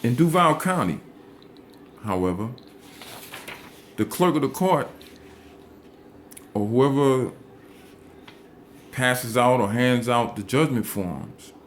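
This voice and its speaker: Man, mid-pitched, lecturing on legal rules in a measured, emphatic read, with faint hiss behind him. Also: animated. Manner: deliberate, emphatic, repeats key words. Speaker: legal explainer. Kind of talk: instructional talk reading statutes aloud.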